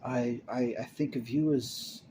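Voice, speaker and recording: A young man talking to camera in a rambling, emotional monologue. He stammers, restarts and repeats words, swinging between mumbling and loud bursts. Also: mid-range voice, steady tone, unhurried, a little hiss or hum.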